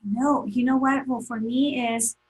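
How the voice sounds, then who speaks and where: Female guest recounting a painful past in an earnest, emotional way, husky and somewhat high-pitched. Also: steady tone, measured pace, rough recording. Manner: earnest, emotional, many fillers and restarts. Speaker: interview guest. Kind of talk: emotional personal story in an interview.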